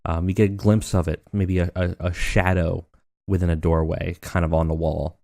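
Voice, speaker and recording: Male let's-play host; casual, meandering commentary, low voice, dry close recording. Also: moderate pace, vocal fry, dry recording. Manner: relaxed, rambling, filler-heavy narration.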